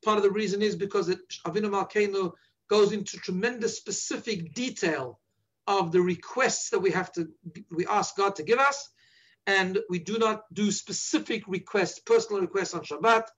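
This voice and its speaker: A man's voice: sits high, moderate pace, fairly bright tone, highs cut off. A man teaching prayer to listeners as a rabbi, earnest and instructive, patiently repeating page references. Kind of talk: explaining the liturgy to listeners.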